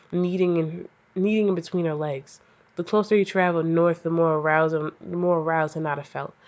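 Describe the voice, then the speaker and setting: A woman hosting a comedic fan fiction reading, stumbling over the text and breaking off into profane, self-mocking asides. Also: deep voice. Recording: slightly dull lo-fi audio.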